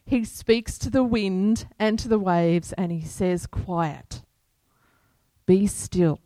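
A woman pastor preaching a sermon to her congregation in an unhurried, earnest manner, quoting scripture. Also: mid-range voice, mellow, dry recording.

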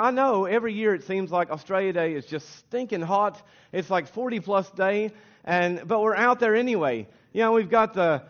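American pastor with a relaxed, chatty delivery. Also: male voice, sits high, dull audio. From United States. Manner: casual and conversational, with many restarts and fillers. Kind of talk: sermon.

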